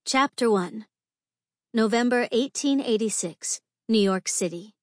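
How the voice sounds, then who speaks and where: A woman reading an audiobook in a measured, clear storytelling manner. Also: fairly high pitch, darkish tone, dry recording, clean studio sound. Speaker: audiobook narrator. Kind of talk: scripted audiobook narration.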